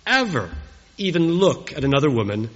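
A preacher playing a sly, smug minister. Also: male voice, fairly high pitch, very animated, moderate pace. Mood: mock solemn. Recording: dull recording with long church reverb.

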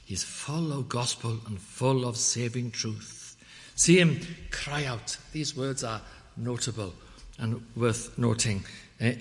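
A man preaching a sermon, swinging from quiet reflection to loud, dramatic proclamation and quoting scripture in old-fashioned wording. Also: mid-range voice. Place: church. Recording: long hall reverb.

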